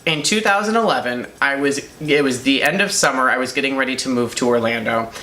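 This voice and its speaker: A young man co-hosting a casual chat and telling a self-mocking story with animated energy. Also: medium pitch, brisk. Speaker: co-host. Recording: echoey room, faint noise.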